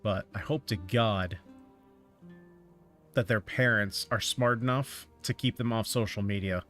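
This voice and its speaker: A man's voice: lowish voice, a little slow, a bit bright, faint music behind. A man streaming a game, chatting casually and offering rambling, opinionated thoughts as he plays. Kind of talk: casual chat while playing a game.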